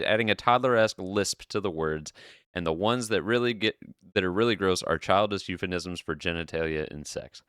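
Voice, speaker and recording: Low-voiced man reading a post aloud. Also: a little fast, smooth, no echo, clean studio sound. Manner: animated storyteller, swears casually. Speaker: podcast host.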